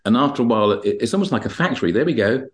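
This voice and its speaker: A man's voice: medium pitch, lively intonation, racing. A man, a hypnotherapist, telling stories about his clients on a podcast and acting out the dialogue as he goes. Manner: rambling, acts out dialogue when retelling sessions. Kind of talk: podcast interview, anecdotal storytelling.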